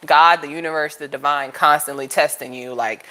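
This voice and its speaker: A young adult woman chatting casually to camera as a tarot channel host, telling stories animatedly and jumping into high, playful voices for quoted lines. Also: moderate pace, few pauses. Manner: animated storytelling, jumps to high-pitched voices for quoted lines, laughs often.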